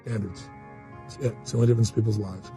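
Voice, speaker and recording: A man's voice: on the low side, fairly even intonation, very fast, dark tone, faint music behind. A man speaking as a motivational speaker in a candid interview, blunt and full of stories, acting out quotes. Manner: storytelling, blunt, acts out quotes.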